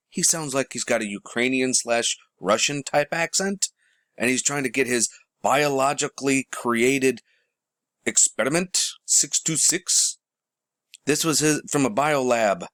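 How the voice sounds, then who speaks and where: A man's voice: medium pitch, a bit bright, no room sound, clean studio sound. A man hosting a rambling commentary show, talking casually to his viewers and calling them folks.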